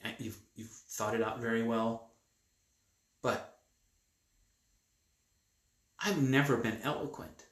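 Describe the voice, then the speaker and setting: Nervous reluctant moses, done by a man, raised pitch, echoey room. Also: takes it slowly, pauses often, fairly bright tone. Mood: pleading. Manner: hesitant and pleading.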